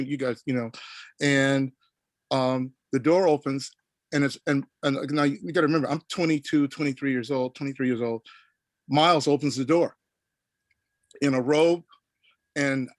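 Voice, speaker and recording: A middle-aged man from Oklahoma telling a story on a panel, animated and rambling with many restarts. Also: medium pitch, no echo. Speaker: panel guest.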